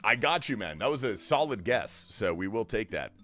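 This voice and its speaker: A male streamer chatting to his viewers at home, his pitch bouncing all over as he jokes and trades banter. He drops to quiet mutters, then bursts out with a shout. Soft music plays faintly behind him. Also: very animated, moderate pace. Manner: joking banter, jumps between murmurs and sudden yells. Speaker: livestream host. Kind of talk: casual livestream chat greeting viewers. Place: home, keeping quiet while others sleep.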